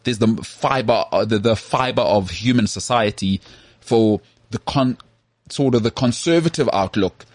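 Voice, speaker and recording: A man from South Africa co-hosting a podcast in casual chat, animated and full of restarts. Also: on the low side, moderate pace, dry recording. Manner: animated, full of restarts and "you know what I mean". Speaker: podcast co-host.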